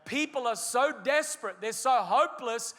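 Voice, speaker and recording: A man preaches with a high, bright-edged voice, leaning hard on key words and drawing phrases out for weight. He speaks as a pastor addressing a congregation in full sermon mode. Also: long reverb tail. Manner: emphatic preaching with slowed, stressed phrases.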